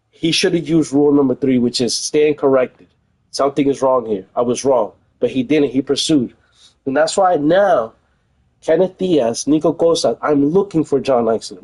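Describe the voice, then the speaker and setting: A young man with a somewhat high voice rants heatedly on a casual livestream from home. He presses his points hard and repeats phrases for emphasis. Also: darkish tone, slightly rough, poor audio.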